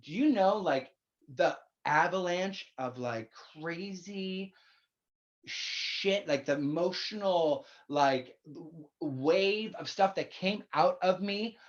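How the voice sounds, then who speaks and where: Blunt, chatty minister preaching; plain middle pitch, muffled low-fi recording. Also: takes it slowly. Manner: candid, blunt, swears casually; conversational, addresses listeners directly. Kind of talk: sermon.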